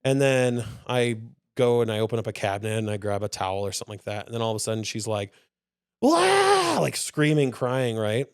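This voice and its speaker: A man's voice: on the low side, fast talker, darkish tone, smooth, dry recording, studio quality. A man co-hosting a casual podcast, telling a long story with laughter and swearing. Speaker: podcast co-host.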